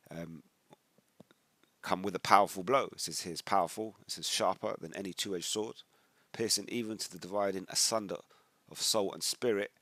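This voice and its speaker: In a close, dry recording free of room echo, a UK religious commentator with British English speech and a deep, low register reads out social media posts. His tone is bright and forceful; he talks casually and discursively, erupts in emphatic bursts, then moves into teaching scripture.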